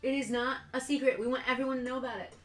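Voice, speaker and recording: Chatty woman co-host with a scratchy voice, higher pitched, in an echoey room. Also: fairly even intonation, very fast, soft background music. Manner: chatty, jokey, rambling. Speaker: co-host of a toy store livestream. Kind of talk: casual livestream chat.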